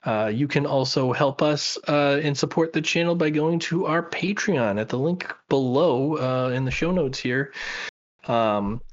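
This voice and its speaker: A man's voice: medium pitch, a little slow, lo-fi sound. A man co-hosting a podcast, chatting casually and enthusiastically with lots of fillers and restarts. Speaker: podcast co-host.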